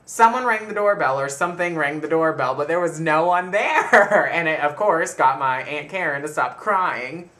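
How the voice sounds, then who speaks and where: A man casually telling a personal story to the camera in a chatty, animated way. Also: fairly high pitch, normal speed, hardly any pauses. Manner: chatty, animated retelling with frequent laughs. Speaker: vlogger.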